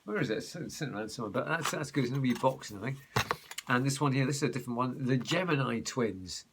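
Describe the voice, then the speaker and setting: A man's voice: medium pitch, lively intonation, fast. A man chatting casually to his viewers in a rambling vlog, calling them folks. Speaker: vlogger. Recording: background noise.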